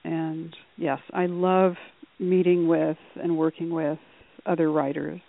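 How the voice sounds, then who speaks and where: A woman author appearing as a guest on a radio show, answering thoughtfully with pauses. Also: sits low, flat delivery, gravelly. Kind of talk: casual interview talk. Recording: tinny phone-like line.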